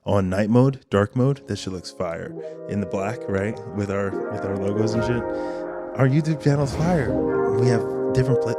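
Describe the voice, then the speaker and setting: A man's voice: mid-range voice, dark tone. A man hosting a podcast, talking in a casual, candid and rambling way, with plenty of swearing. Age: adult father of two. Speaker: podcast host.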